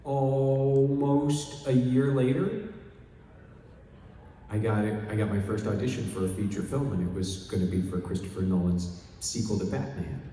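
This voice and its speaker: A middle-aged man from Chicago, a panel guest telling animated anecdotes and acting out other people's lines. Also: fairly low pitch, moderate pace, slight background noise. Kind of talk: storytelling at a convention panel. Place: large convention hall. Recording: echoey hall, mic heard from far off.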